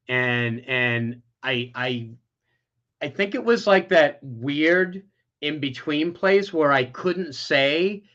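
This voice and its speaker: A man with a bright, tense voice tells a personal story as an interview guest. He rambles emotionally, restarting his sentences often. The audio sounds dull and lo-fi. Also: medium pitch, a little slow.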